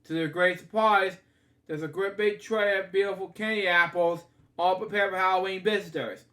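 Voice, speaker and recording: A man's voice: high-pitched, fairly even intonation, normal speed, sharp tone. A man casually reading a children's picture book aloud, often stumbling, stopping to comment and apologizing to his listeners. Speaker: storybook reader.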